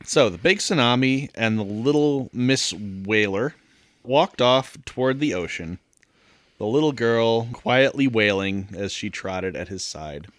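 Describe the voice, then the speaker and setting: A man co-hosting a comedy podcast, reading a story aloud and joking, giggly and animated. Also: mid-range voice, measured pace, no echo. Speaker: co-host and story reader. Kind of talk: comic story reading with ad-libs.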